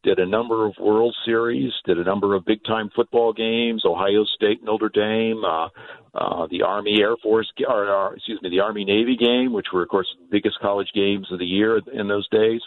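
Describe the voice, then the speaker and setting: A man's voice: on the low side, fairly even intonation, normal speed. A man calling in as a guest, explaining at length with frequent hesitations. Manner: hesitant, many filler sounds. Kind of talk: interview answers. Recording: tinny phone line.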